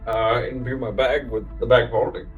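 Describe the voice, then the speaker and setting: A man's voice: mid-range voice, flat delivery, quick pace, phone-quality sound, faint music behind. A man playing a tabletop game, stating his actions plainly. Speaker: player. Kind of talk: casual tabletop play.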